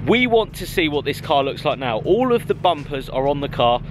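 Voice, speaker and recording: A young man presenting a car vlog, excitable and chatty, playful as he drives. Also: on the high side, normal speed, noisy background. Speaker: car vlogger.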